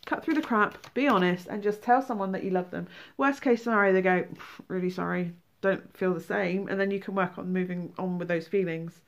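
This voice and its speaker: A woman giving a tarot reading, animated, exclaiming and acting out feelings. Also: medium pitch, fairly quick, few pauses. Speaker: tarot reader.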